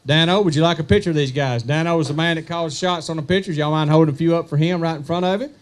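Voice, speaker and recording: A man emceeing an outdoor fishing tournament weigh-in, joking with anglers and calling out weights slowly. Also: on the high side. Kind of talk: live weigh-in announcing with banter.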